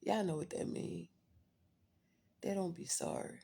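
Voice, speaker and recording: A woman's voice: lowish voice, a little slow, gravelly, dark tone, husky. A woman vlogger telling a personal story in a blunt, profane, candid way, talking straight to her viewers.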